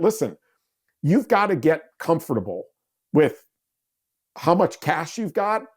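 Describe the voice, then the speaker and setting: A man in his forties, a podcast guest, telling stories in an animated way and acting out quoted dialogue. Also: a little high. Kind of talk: storytelling interview talk.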